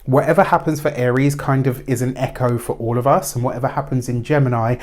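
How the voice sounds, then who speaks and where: A man's voice: medium pitch, steady tone, fast, darkish tone. A man giving a weekly tarot reading in a chatty, rambling way, with spiritual phrasing and frequent fillers. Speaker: tarot reader.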